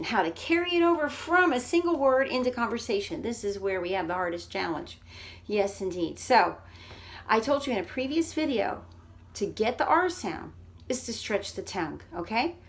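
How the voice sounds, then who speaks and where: A middle-aged woman, a speech therapist, giving an instructional demonstration with clear, exaggerated sound drills. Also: mid-range voice.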